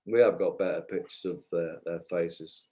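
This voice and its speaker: Guy ranting on a livestream, low voice, mellow dark tone, swears a lot. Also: steady tone, normal speed, rough recording. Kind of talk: angry livestream commentary.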